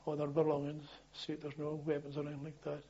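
An older man telling wartime memories as a former policeman, in a halting, rambling way full of restarts and chuckles. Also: on the high side, monotone, warm tone, slightly rough, muffled recording. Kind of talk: oral history storytelling.

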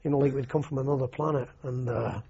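An older Scottish man tells his old army stories in a loose, rambling way, often circling back with "you know." His voice is very husky and mellow, heard through a dull, muffled old recording. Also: mid-range voice, steady tone, quick pace. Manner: rambling, anecdotal, frequent restarts and "you know". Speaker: interviewee, army veteran. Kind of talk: oral history interview.

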